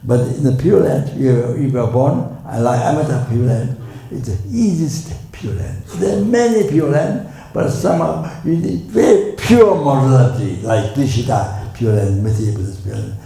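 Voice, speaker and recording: An older man with a Tibetan accent giving a Buddhist teaching in English, halting with many fillers and repeated words, and suddenly loud for emphasis. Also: mid-range voice, expressive, creaky. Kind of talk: Dharma teaching. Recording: echoey hall with faint noise.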